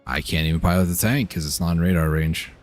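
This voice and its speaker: Muttering to himself in a relaxed way, a man gives casual commentary while streaming his gameplay. He speaks fast in a low-pitched voice, and faint music plays behind him.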